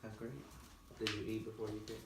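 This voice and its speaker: A man making quick, casual banter in offhand chat before a recording. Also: on the low side, completely flat delivery. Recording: far-off mic in echoey room, noisy.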